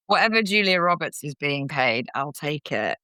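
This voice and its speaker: A woman comedian and actor chatting as a guest in an interview, lively and quick to slip into character voices. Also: low-pitched, smooth, no echo. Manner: animated, slips into character voices. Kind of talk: casual interview chat.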